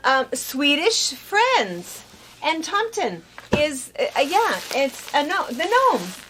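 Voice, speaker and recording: A woman's voice: high voice, big pitch swings, takes it slowly, fairly bright tone. A woman co-hosting a quilt shop video, chatting casually and laughing often while unboxing fabric.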